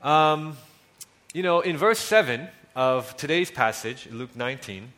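A male pastor preaches in a relaxed, conversational manner. His voice sits a little high for a man and moves a lot. He often drops soft and low on key lines. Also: a little slow. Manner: conversational, with frequent fillers and restarts, dropping soft on key lines. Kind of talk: sermon.

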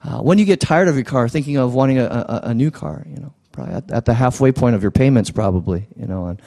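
A man preaching a sermon as pastor in a conversational, halting way. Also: mid-range voice, expressive, vocal fry, mellow.

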